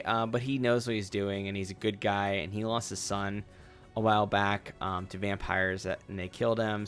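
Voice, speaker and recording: A man's voice: on the low side, a bit bright. A man as a rambling young vampire hunter. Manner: rambling, full of "like" and restarts. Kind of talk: tabletop game role-play.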